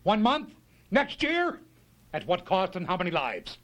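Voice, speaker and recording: An actor playing a short-tempered police captain who berates a detective in an action film. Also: male voice, sits high, huge pitch swings, a little slow, a bit bright, exaggerated voice. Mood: angry. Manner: berating, rising questions.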